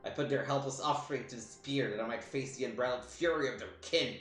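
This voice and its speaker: A man's voice: medium pitch, fairly quick, a bit bright, reverberant, soft background music, natural voice. A man reading as a scornful villain lancer. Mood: bitter. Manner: theatrical, scornful read-aloud. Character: bitter boastful disgraced male lancer villain.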